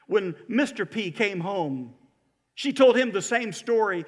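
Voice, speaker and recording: A male pastor with a high-pitched voice preaches with animated, emphatic storytelling. He leans hard on key phrases and speaks from inside a church building. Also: measured pace, long reverb tail. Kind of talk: sermon.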